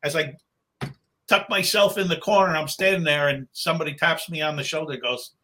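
Middle-aged male guest, bright somewhat high voice, rambling storyteller, lots of restarts. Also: steady tone, fairly quick, a little hiss or hum. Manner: rambling, with many restarts and acted-out quotes. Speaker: guest, book cover artist. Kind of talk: casual storytelling anecdote.

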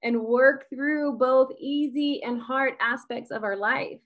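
A woman co-hosting a podcast, calmly explaining points from a list in a measured way. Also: sits high. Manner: measured, explanatory, soft agreement noises. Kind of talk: explaining a list in casual chat.

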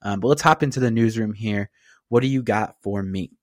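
A man's voice: on the low side, brisk, no room sound, studio quality. Upbeat male podcast co-host. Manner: upbeat, laughs often, runs the show segments. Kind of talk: casual chat.

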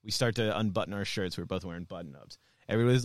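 A man's voice: sits low, racing, dry recording. Man telling a comic story, dry mic. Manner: lively anecdote-telling, swears casually. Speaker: podcast guest, comedian. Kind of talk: casual comedic storytelling.

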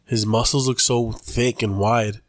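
A man's voice: mid-range voice, fairly even intonation, a little slow, dry recording. Laid-back slangy podcast guy, dry sound. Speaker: podcast co-host. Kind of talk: casual chat.

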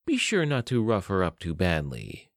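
A man's voice: sits low, wildly swooping pitch, normal speed, no echo, studio quality. A smug, scheming male captor, read by a narrator.

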